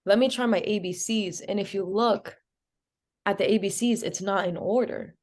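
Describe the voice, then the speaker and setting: Mid-range in pitch and moderate in pace, she's a young Providence, Rhode Island woman narrating her story on a podcast. Expect an animated interview telling with plenty of "like" fillers and dialogue she acts out.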